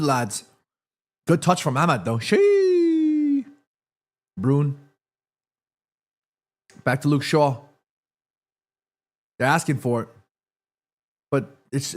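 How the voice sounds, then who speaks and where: Excitable high-voiced male stream host. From Korea. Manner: chatty, reads chat aloud, excited shouts at match action. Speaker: streamer hosting a football watchalong. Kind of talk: live stream watchalong chat and commentary.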